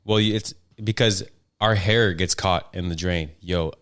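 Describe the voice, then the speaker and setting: A man's voice: sits low, measured pace, a bit bright, clear, resonant tone, no room sound, clean studio sound. A young man hosting a casual solo podcast at home, rambling and joking about himself. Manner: rambling, jokey and self-deprecating. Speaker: podcast host.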